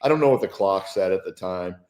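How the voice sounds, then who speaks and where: Man, football analyst guest, enthusiastic, lower voice, echoey room sound. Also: expressive, fairly quick, darkish tone. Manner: enthusiastic, reflective. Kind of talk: casual sports talk.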